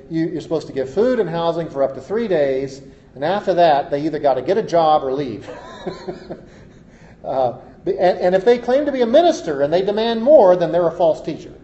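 A man's voice: fairly high pitch, mellow. A man preaching a sermon as a pastor, in a conversational way, repeating words and adding wry humor. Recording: echoey, dull, faint hiss.

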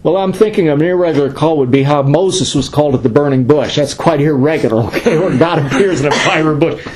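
A man's voice: on the high side, fast talker, darkish tone. A middle-aged man, a pastor, teaching a classroom Bible study in a conversational, explanatory way with fillers and asides.

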